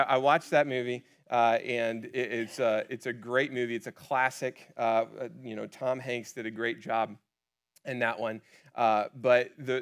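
A man's voice: mid-range voice, fairly bright tone. A man preaching a conversational sermon in a casual way, with frequent fillers and restarts. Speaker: pastor.

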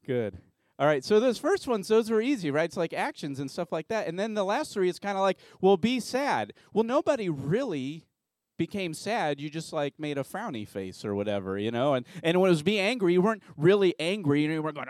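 A man's voice: high voice, sing-song, normal speed, darkish tone, dry recording, clean studio sound. A man preaching a sermon as pastor in a church, joking around with a game at first and then turning earnest and reflective. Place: church sanctuary.

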